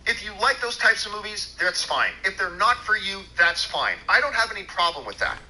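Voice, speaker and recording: A man's voice: sits high, very animated, brisk, pushed and bright, low-quality recording. A man hosting a talk show, delivering an angry, profane and sarcastic rant, mocking as he goes. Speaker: show host. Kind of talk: angry ranting commentary.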